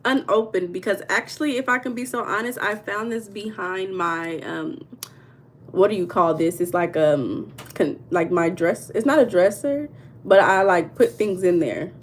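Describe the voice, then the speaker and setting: A woman from the United States chatting casually with viewers on a tarot livestream from home, reading their comments aloud in relaxed slang. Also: mid-range voice, normal speed, slight background noise. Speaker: tarot reader streaming live. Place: home room.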